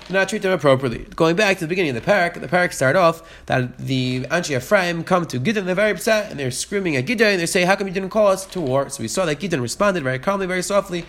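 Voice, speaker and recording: A man teaching a Torah lesson at a quick clip, with a voice sitting a little higher than most men's. He reads a verse in Hebrew, then explains it in English and goes over each point more than once. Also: fairly bright tone.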